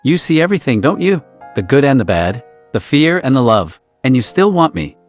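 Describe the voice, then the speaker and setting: A man's voice: medium pitch, sing-song, brisk, soft background music, natural voice. A man voicing a vulnerable young man who swears often and speaks with earnest emotion. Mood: tender.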